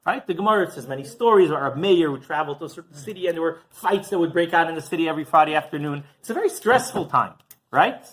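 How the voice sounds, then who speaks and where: A man's voice: a little high, fast, rough recording. Guy rabbi preaching, talks all up and down, says "right?" every other line. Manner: keeps asking "right?", animated delivery; restarts and repeats words. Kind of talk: sermon.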